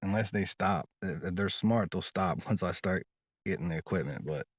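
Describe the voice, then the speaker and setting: Guy rambling on insistently, repeats himself a lot, kinda low voice, muffled dry sound. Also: normal speed, breathy edge, no room sound. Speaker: interview guest. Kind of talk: casual storytelling in interview.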